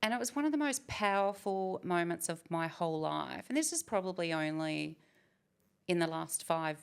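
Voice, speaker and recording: A woman's voice: on the low side, expressive, moderate pace, gravelly, clear, resonant tone. A woman in her forties, a guest speaking candidly and reflectively in a conversational interview. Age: 40s. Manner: reflective, candid, with frequent fillers.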